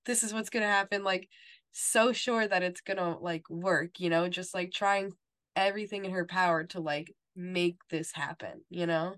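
Lady cohost chatting about a tv episode, kinda low voice, says like constantly. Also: fairly even intonation, a little slow, fairly bright tone. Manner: fills talk with "like" and "you know". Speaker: podcast co-host. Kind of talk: casual TV recap chat.

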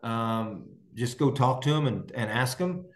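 A farmer from Indiana, United States hosts a farming podcast, chatting casually and enthusiastically in a live-stream style while answering listeners' questions. He rambles and restarts often. His mid-range voice is unhurried.

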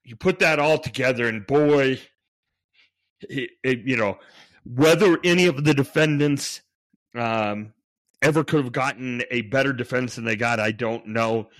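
Male podcast host with a middle-pitched voice, casually narrating, working his thoughts out aloud with restarts. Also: measured pace, fairly bright tone. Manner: thinks aloud, frequent restarts and fillers.

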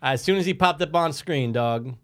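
A man's voice: fairly high pitch, normal speed. A man co-hosting a casual film review podcast, slangy and sweary, saying "dude" a lot. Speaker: podcast co-host.

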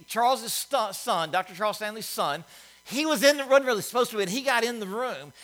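A middle-aged man preaching a sermon, folksy and animated, telling stories with asides. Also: sits high. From Alabama, US. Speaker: pastor.

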